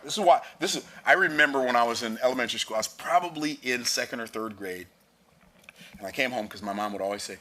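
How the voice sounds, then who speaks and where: A man's voice: mid-range voice, quick pace, bright, forceful tone, slight background noise. A man preaching a sermon, reading scripture aloud and explaining it with emphatic, rising declarations.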